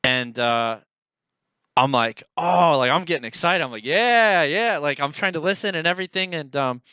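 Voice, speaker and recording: A young man talking casually to the camera in a vlog, halting, with many fillers as he searches for words. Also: medium pitch, pushed and bright, smooth, no echo, lo-fi sound. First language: English. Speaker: language learner.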